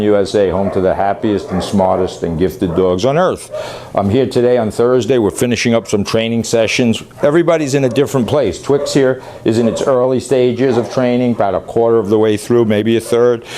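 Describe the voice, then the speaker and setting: A man's voice: medium pitch, normal speed, crowd noise. A man working as a dog trainer, giving a rambling, chatty on-camera demonstration that often corrects itself mid-sentence.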